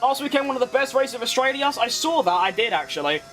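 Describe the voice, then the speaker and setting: High, bright-voiced excitable gaming man. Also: fast talker, a little hiss or hum. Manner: excitable, reacts loudly to close moments, swears casually. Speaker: gaming creator. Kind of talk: live gameplay commentary.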